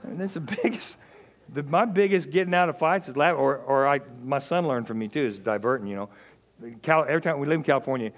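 A middle-aged man, a pastor preaching and telling humorous personal stories. He swings between loud preaching and hushed, confiding asides. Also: on the high side, quick pace. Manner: humorous storyteller. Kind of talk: sermon with personal storytelling.

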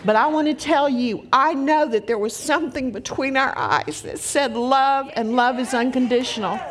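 A woman's voice: high voice, normal speed. A middle-aged woman preaching a sermon, telling stories in an earnest, emphatic way.

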